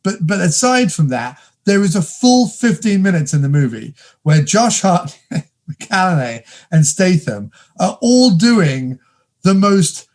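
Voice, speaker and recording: A man with a fairly high voice, talking fast and getting animated as he picks a film apart. He swears freely and laughs through his rant, in a casual podcast chat. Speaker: podcast co-host.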